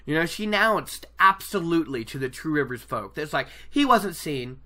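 A chatty host walks through a book chapter in casual commentary. The voice is bright, and the pitch jumps around a lot. They ramble, second-guess themselves and keep cracking themselves up. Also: lively intonation, brisk. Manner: chatty, digressive, laughs often.

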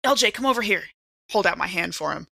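A woman playing a tabletop game, asking eager, quick questions. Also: medium pitch, animated, creaky, sharp tone, no echo. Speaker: player. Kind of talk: casual tabletop play.

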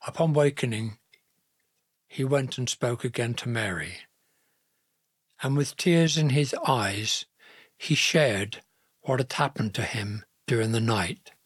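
A man narrating a Bible story in a slow, gentle, earnest reading style. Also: mid-range voice, expressive, slightly rough, dry recording, clean studio sound.

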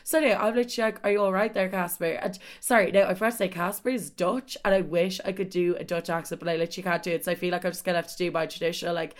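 A woman's voice: lowish voice, fairly even intonation, racing, few pauses. A young woman telling a gossipy story for a vlog, swearing and saying like constantly. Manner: gossipy, breathless, swears a lot, says like constantly. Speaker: vlogger.

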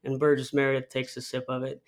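A man's voice: mid-range voice, completely flat delivery, fast. A young man, a podcast guest, telling a personal story in a rambling way with many restarts. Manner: rambling, many restarts, acts out film quotes.

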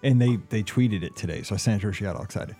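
A man's voice: fairly low pitch, rapid-fire, mellow, soft background music. A man hosting a podcast, chatting casually and reading listener emails aloud. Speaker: podcast host.

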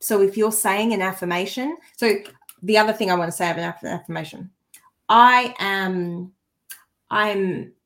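A woman's voice: mid-range voice, moderate pace, a bit bright. A woman who works as a spiritual healer, chatting earnestly and with feeling on a podcast, often restarting her sentences. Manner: earnest and heartfelt, easily moved; chatty, with frequent restarts and asides. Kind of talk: casual conversational chat.

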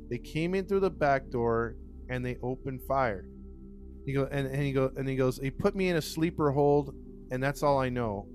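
A man's voice: medium pitch, moderate pace, a little mellow, soft background music. A man casually retelling a crime case to co-hosts, acting out the quotes with lots of fillers and restarts. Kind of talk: casual storytelling chat.

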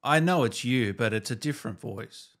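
A man's voice: mid-range voice, animated, moderate pace, fairly bright tone. A male host asking curious, encouraging questions in a casual interview. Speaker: podcast host.

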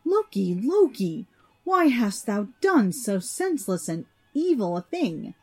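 A woman's voice: on the high side, sing-song, slow pace, breathy edge, soft background music, exaggerated voice. A woman reading a storybook, voicing the eldest male god, grave and commanding, in solemn old-fashioned speech. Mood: stern.

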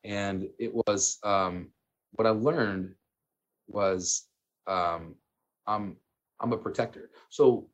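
A man in his thirties, a guest telling a personal story in casual, animated talk, full of fillers and laughter. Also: lowish voice, slow, long pauses, dull audio.

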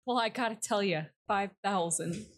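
A woman's voice: medium pitch, normal speed, noisy background. A woman playing a tabletop game, casual and playful. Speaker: player.

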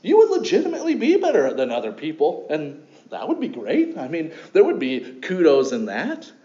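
Casting: male pastor with a mellow voice, conversational sermon, echoey hall on a dull recording. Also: a little high, huge pitch swings, normal speed. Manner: conversational, with many fillers and restarts. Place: church sanctuary.

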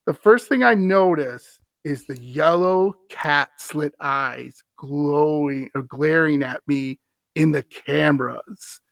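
A man's voice: on the high side, slow, gravelly, dry recording. A man hosting a podcast, reading a scary story aloud and breaking off for wry, amused asides. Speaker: podcast host.

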